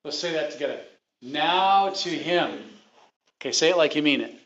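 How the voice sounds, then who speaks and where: A man's voice: a little high, animated, moderate pace, fairly bright tone. A man preaching a sermon to his congregation, emphatic and repeating his points, asking the people questions. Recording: dull lo-fi recording.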